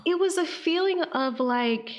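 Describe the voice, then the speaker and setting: A woman from Atlanta, a guest on a podcast interview, telling her story in a lively way and acting out the voices of people she quotes. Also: very high voice, unhurried. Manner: animated, acts out quoted voices.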